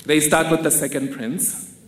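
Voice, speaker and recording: A man tells a personal story on stage in a measured, wry way. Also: fairly high pitch, fairly even intonation, slight background noise. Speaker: speaker. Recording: roomy hall with faint ambience.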